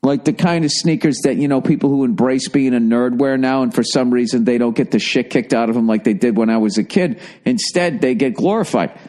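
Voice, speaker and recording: A man's voice: mid-range voice, a little fast, few pauses, a little mellow. A man in his forties hosting a podcast, telling a rambling, profane story in a casual comedic monologue. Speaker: podcast host.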